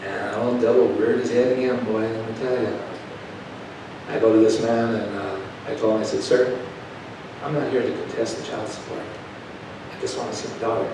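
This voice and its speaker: Man preaching in an echoey church. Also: moderate pace. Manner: animated storytelling that swings from hushed to loud. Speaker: preacher giving a testimony. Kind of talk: sermon testimony. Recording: echoey church from a distant mic with background rumble.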